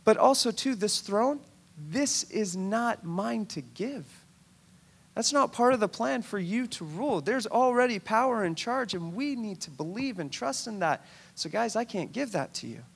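Man doing patient male teacher, calm, firm, gently refusing, gravelly. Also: high-pitched, unhurried, voice pushed up, heavily acted.

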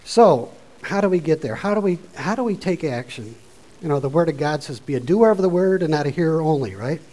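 A man preaching a sermon, informal and conversational, rising from quiet asides to loud exhortation. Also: a little high, lively intonation, a little fast, poor audio.

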